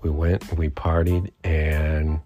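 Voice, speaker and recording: A man's voice: extremely low pitch, level tone, takes it slowly, warm tone, faint music behind. A middle-aged man hosting a podcast, telling a personal story in a rambling, reflective way with many fillers and restarts. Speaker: podcast host.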